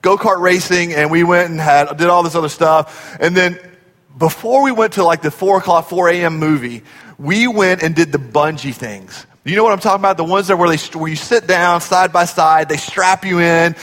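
A man with a high voice preaches a sermon, lively and full of storytelling. His words echo with a long reverb that fills a large church hall. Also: moderate pace. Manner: animated storytelling, acting out voices.

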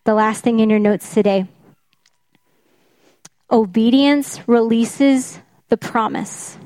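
A woman's voice: fairly high pitch, slow pace, mellow, no echo. A woman preaching a sermon, emphatic, often repeating her key phrases for weight.

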